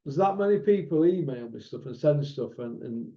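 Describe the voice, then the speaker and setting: A man's voice: fairly high pitch, animated, normal speed, highs cut off. A man hosting a casual online boxing chat show, talking in a blunt, outspoken, rambling way. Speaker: boxing channel host.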